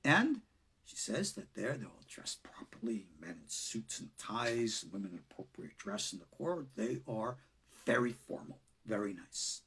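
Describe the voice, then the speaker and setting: A man, a rabbi, giving an unscripted lesson in an expressive way, swinging between loud and soft and chuckling now and then. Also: on the low side, unhurried, vocal fry, slightly rough. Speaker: rabbi teaching Kabbalah. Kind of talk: unscripted lecture.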